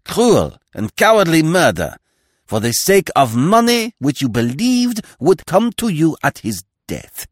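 A man's voice: very deep voice, slow, vocal fry, hardly any pauses, dark tone, slightly rough, no room sound, clean studio sound, voice pushed down, exaggerated voice. A man voicing a pompous male magistrate who speaks with biting, theatrical scorn in an audiobook reading. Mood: grandstanding.

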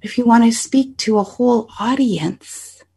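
A woman guest expert leading listeners through a calm breathing exercise, soft and instructive. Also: on the high side, unhurried, breathy edge.

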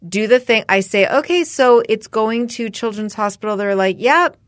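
A middle-aged woman co-hosting a podcast in easy, casual conversation, nodding along and then telling her own story. Her pitch is mid-range for a woman, and the recording is close and dry. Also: moderate pace, no room sound. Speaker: podcast co-host. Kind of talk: casual chat.

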